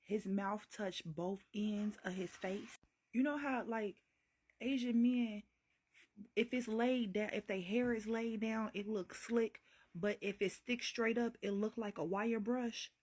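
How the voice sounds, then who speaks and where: A woman's voice: medium pitch, slow pace, darkish tone. A woman telling a wild story in a casual, profane, dramatic way. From Chicago.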